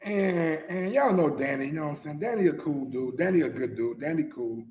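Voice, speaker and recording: A man hosting a sports commentary show, ranting casually with lots of profanity and swinging between low mutters and loud shouts, in a manner. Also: lively intonation, a little fast, echoey room, highs cut off, a little hiss or hum.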